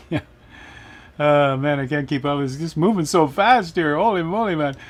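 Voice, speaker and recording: A man's voice: fairly high pitch, unhurried. A middle-aged man hosting a casual flight-sim livestream, chatting and reading viewer comments aloud with frequent laughs. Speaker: livestream host.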